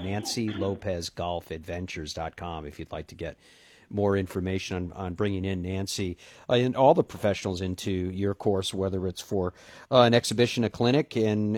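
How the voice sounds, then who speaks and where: A man's voice: sits low, a little mellow, no room sound. Guy hosting an interview, dry close mic, long eager questions. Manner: enthusiastic, long winding questions. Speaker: interview host. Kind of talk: interview podcast.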